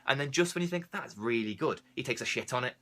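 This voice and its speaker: A young man with a cold, hosting a casual film review podcast and ranting in an animated, rambling, comic way. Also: medium pitch, very fast. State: has a cold, coughing.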